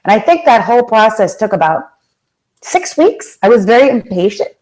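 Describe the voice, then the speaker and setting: A woman giving a motivational talk, telling stories with lively acted-out quotes and direct questions to the audience. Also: a little high, normal speed, low-quality recording. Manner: animated storytelling, acts out quoted voices. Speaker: motivational speaker and life coach.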